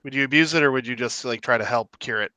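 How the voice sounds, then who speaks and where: A man's voice: mid-range voice, fast, bright, forceful tone, smooth, no room sound. A man in a casual podcast chat, tossing wisecracking quips.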